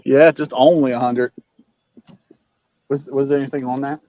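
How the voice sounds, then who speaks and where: A man's voice: medium pitch, little pitch movement, moderate pace, mellow, no room sound, muffled recording. A man ribbing his friends in casual banter while fishing. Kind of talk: casual chat.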